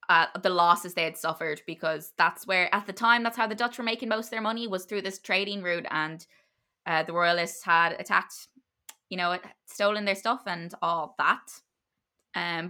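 Woman, bright voice, casual podcast storyteller, chatty, lots of fillers. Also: mid-range voice. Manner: loose and chatty, with many fillers and restarts. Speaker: podcast co-host telling a history story.

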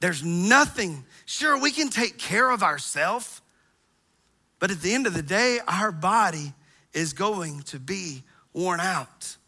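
A middle-aged man preaching a sermon, animated and acting out groans as he tells stories. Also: high-pitched, slow. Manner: animated, acts out groans and quotes himself. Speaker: pastor.

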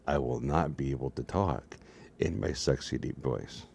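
A man putting on a slow, deep, mock-seductive voice that claims authority and control. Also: vocal fry, darkish tone, breathy edge, exaggerated voice. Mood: mock-commanding.

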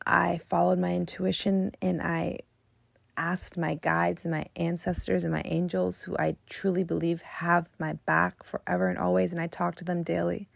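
A woman's voice: fairly low pitch, creaky, no echo. A young woman sharing a painful personal story in an emotional, confessional way, often dropping to a whisper.

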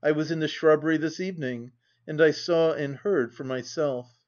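A wronged young wife speaks coldly and with dignity, voiced by a man reading aloud. The voice sits a touch high and stays controlled and measured. The recording is dull and lo-fi. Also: lightly acted. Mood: resolute.

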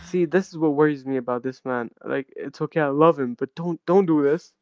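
A man co-hosting a podcast, talking football in a blunt, animated way and calling his co-host bro. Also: a little high, fairly quick, no room sound, highs cut off. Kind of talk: casual football chat.

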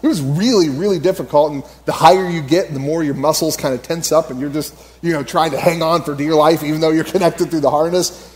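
A man's voice: a little high, darkish tone. A man giving a casual, storytelling sermon at church, rambling with lots of fillers and frequent laughter. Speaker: church speaker.

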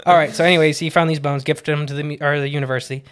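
A man's voice: on the high side, steady tone, racing, a bit bright. A man co-hosting a podcast in casual chat, telling cryptid stories in a rambling, jokey way and correcting himself as he goes. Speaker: podcast co-host.

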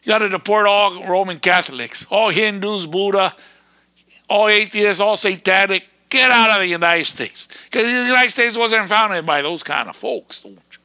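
A man ranting in a fiery, erratic preaching monologue, breaking into sudden shouted bursts. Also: sits high, normal speed, clean tone, no room sound.

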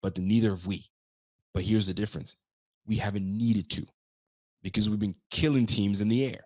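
A man's voice: lowish voice, steady tone, moderate pace, a little mellow. A man hosting a casual sports talk show, ranting emphatically, trash-talking and often repeating himself.

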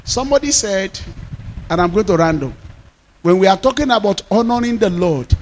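A male pastor with a Nigerian accent preaching a sermon, reading scripture slowly and breaking into emphatic, rising declarations. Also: high voice, lively intonation, a little hiss or hum. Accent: Nigerian, Yoruba-speaking. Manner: mixes in Yoruba phrases.

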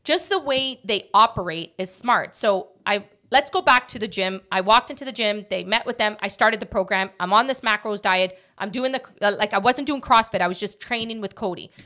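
A woman hosting a casual podcast chat, talking quickly and jumping from one thought to the next like an animated storyteller. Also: medium pitch. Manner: rapid, jumps between thoughts. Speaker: podcast host.

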